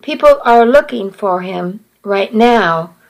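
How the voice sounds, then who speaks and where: A woman reading a story, voicing a calm man who speaks in a gentle, soothing way. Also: medium pitch, takes it slowly, gravelly, rough recording. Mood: reassuring. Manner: soothing, steady. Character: calm reassuring man, a friend.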